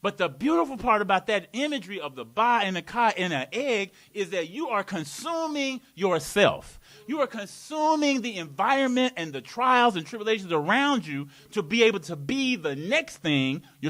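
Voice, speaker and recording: Guy preaching live, high bouncy voice all over the place, jokes around a lot. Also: big pitch swings, normal speed, fairly bright tone. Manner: playful, laughing, call-and-response. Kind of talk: live sermon. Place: community worship hall.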